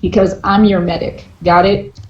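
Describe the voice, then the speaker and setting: A woman's voice: mid-range voice, little pitch movement, normal speed, close to an everyday voice. A woman voicing a young female medic who gives firm, half-teasing orders, in a tabletop role-play. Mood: bossy, caring. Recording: roomy, dull lo-fi with mic noise.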